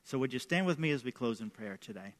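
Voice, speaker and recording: A New York man delivers a sermon as pastor, talking fast in an animated, medium-pitched voice. He tells personal stories conversationally and often tosses in "right?" to check in.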